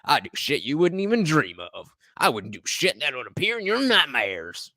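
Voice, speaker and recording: A man voicing a creepy male teacher in a deep, slow American Southern drawl. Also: very animated, pushed and bright, slight background noise, heavily acted. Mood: leering.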